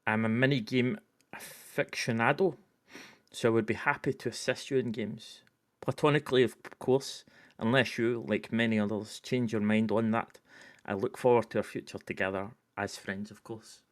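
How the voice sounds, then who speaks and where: A man's voice: medium pitch, steady tone, natural voice. A man playing a pompous, self-important male Discord regular, reading in a stiff, formal, smug way. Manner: stiff, formal, smug delivery with slow pauses.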